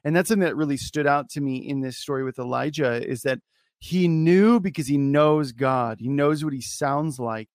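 A man hosting a podcast interview. He talks in a relaxed, rambling way with many fillers and restarts. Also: on the high side, normal speed, dry recording, studio quality. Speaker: podcast host. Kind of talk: casual interview conversation.

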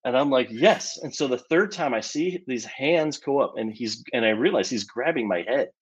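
Husky-voiced man telling a lively story. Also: mid-range voice, normal speed. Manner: animated storyteller, lots of "like" fillers. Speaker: interview guest, filmmaker. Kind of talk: casual interview storytelling.

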